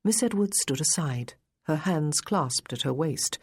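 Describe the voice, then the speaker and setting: Low husky female audiobook narrator. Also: expressive, unhurried. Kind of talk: scripted narration of a romance novel.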